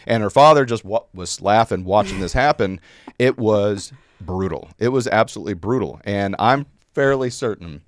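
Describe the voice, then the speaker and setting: A man in his forties, an Army veteran, telling a story casually on a podcast, halting with many fillers and repeated words. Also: on the low side, lively intonation, no room sound.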